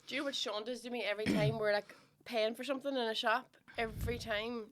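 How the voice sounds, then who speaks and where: Woman, high voice, chatty podcast guest, laughs easily. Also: fairly even intonation, a bit bright, slight background noise. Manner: chatty, quick to laugh, sweary. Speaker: guest comedian. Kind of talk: casual comedy podcast chat.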